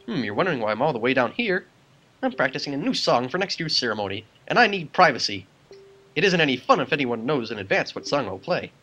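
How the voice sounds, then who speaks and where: A man voicing a tiny, shy male forest creature who speaks in a gentle, earnest, pleading way. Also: mid-range voice, sing-song, quick pace, slight background noise, rough recording.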